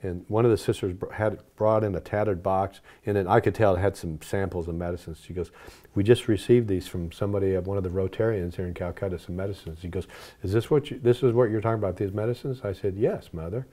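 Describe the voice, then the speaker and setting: An older man with a mellow, fairly low voice tells personal stories in an interview. He is earnest throughout and grows animated whenever he quotes what people said. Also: fast talker. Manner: earnest, animated when quoting dialogue. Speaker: interview guest. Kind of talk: personal storytelling.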